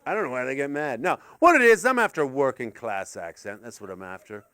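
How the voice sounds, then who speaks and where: A Canadian man performing stand-up comedy on stage, animated and swearing, slipping into silly voices. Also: medium pitch, fast, clean tone.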